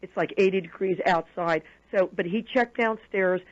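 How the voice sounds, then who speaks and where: A woman's voice: mid-range voice, normal speed. Woman telling a story on lo-fi radio. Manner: animated retelling that acts out quoted dialogue. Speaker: radio show guest. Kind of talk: personal storytelling on a call-in radio show. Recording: dull lo-fi radio broadcast audio.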